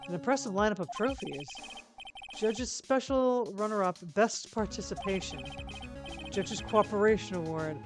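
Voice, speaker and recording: A woman's voice: medium pitch, expressive, moderate pace, natural voice. A woman voicing a young male defense attorney in a wry, dry way, with game music behind. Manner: wry, dry inner remarks.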